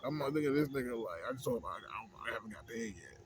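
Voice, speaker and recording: Expressive and fast, this man from Houston, Texas delivers a loose, profane vlog monologue, looping back to earlier points and repeatedly asking "you know what I'm saying." He speaks at an ordinary middle pitch over a faint background hiss.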